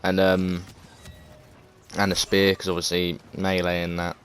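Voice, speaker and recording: A man with an English accent talks through his gaming opinions in an offhand, meandering way. His voice sits very low, and he stumbles through fillers and swears freely. A faint hiss sits under his voice. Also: completely flat delivery, a little slow, fairly bright tone. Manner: rambling, hesitant, lots of fillers and swearing. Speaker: gaming video creator. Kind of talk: casual gameplay commentary.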